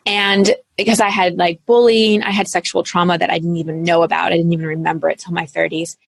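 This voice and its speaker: A woman in her thirties, a coach speaking as an interview guest, telling her story in an earnest, animated way with casual fillers. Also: on the low side, fast, creaky, dry recording. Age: 30s. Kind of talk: candid interview talk.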